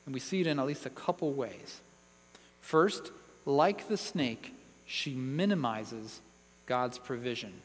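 A man's voice: medium pitch, unhurried. A man preaching an emphatic, earnest Bible sermon, recorded in a church hall. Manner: earnest, emphatic Bible teaching with read-out verses. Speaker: pastor. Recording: long hall reverb.

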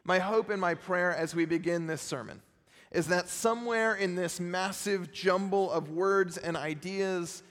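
A man's voice: fairly high pitch, a bit bright, big-room sound. A male pastor preaching a sermon in a conversational, self-deprecating storytelling manner.

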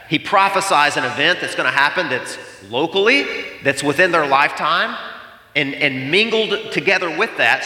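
A man's voice: a little high, pushed and bright. A man preaching a sermon as a pastor, talking conversationally, putting on voices for quotes and asking rhetorical questions. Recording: echoey hall with long reverb.

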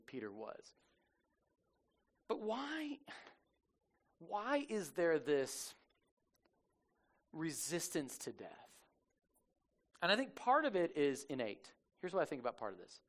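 A man preaching a casual sermon as a lively storyteller, slangy and animated, acting out the people he quotes. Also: a little high.

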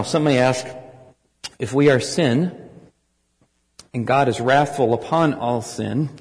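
Brief: American male preacher, mid-pitched, earnest sermon delivery, long hall reverb. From United States. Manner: earnest, rising to forceful emphasis.

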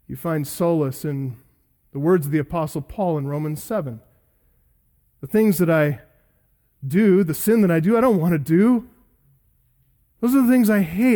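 A man with a rather high voice preaches an expository sermon at a pulpit microphone. He is emphatic, stacks up repeated phrases and draws key words out slowly for weight. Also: mellow. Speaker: pastor.

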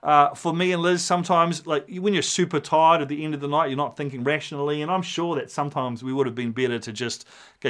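A man preaching a sermon, animated and storytelling, acting out the voices in his quotes. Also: a little high, fast. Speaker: pastor.

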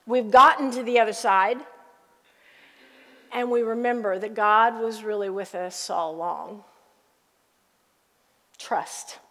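A middle-aged woman pastor preaching a sermon, telling family stories with lively asides to the congregation. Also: high voice, long reverb tail.

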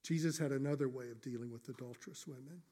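A man preaching a sermon as pastor, earnest and emphatic, slowing down to stress key phrases and sometimes dropping to a soft near-whisper. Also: medium pitch.

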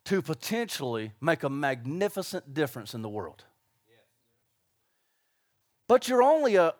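Animated high-voiced man preaching. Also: dry recording, studio quality. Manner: animated storytelling with acted-out voices. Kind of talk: sermon.

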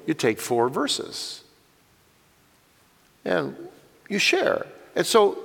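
An older man teaches earnestly, speaking straight to the parents in front of him. His voice sits a little high for a man. Long reverb from a church hall trails behind every phrase. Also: fairly bright tone. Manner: earnest, direct address to parents. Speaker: Bible teacher.

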